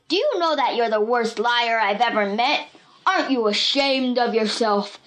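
A woman's voice: medium pitch, a bit bright, lightly acted. A woman voicing an impatient grown man who scolds bluntly in a storybook reading. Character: gruff grown man, impatient and quick to anger.

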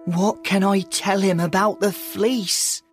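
A woman voicing an honest young male shepherd, speaking slowly and plainly. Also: medium pitch, steady tone, soft background music, natural voice.

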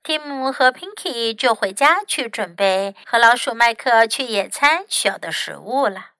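Slow, bright-voiced woman teacher. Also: a little high, expressive, no echo. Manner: slow, clear, careful reading. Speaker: English teacher. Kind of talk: bilingual storybook reading.

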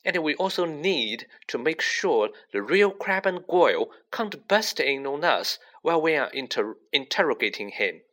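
Brisk, know-it-all schoolgirl witch played by a male reader, lifted pitch, bright tone, audiobook. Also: very animated. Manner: matter-of-fact, brisk and stern. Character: bossy, brainy teenage schoolgirl witch. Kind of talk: audiobook character voice.

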